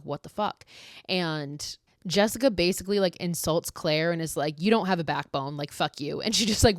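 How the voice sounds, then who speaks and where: A woman's voice: on the low side, dry recording, clean studio sound. A woman hosting a podcast, recapping a horror film in a chatty, profane way full of "like" fillers. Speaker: podcast host.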